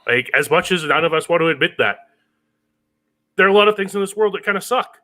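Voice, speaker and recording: A man co-hosts a podcast in a high-pitched, expressive voice with a sharp tone, speaking fast. He discusses films casually but thoughtfully.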